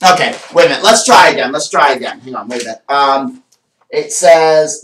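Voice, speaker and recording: A man's voice: a little high, brisk, fairly bright tone, distant mic. A man doing magic on camera, presenting a card trick with showman patter and then chatting about it in an enthusiastic, rambling way. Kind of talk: performing a card trick then casual vlog chat. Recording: echoey room, voice from away from the mic.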